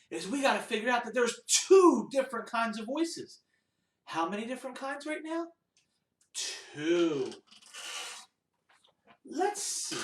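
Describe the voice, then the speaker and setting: A man teaching a children's music class, talking slowly and patiently in a sing-song way and breaking into song. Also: high voice, fairly bright tone, roomy sound, slight background noise.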